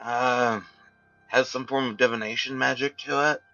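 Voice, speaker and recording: Man, tabletop player, short plain replies, mid-pitched voice, muffled mic. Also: steady tone, normal speed, bright, forceful tone, soft background music. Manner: brief, matter-of-fact. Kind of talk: casual chat at a game table. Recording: dull lo-fi mic.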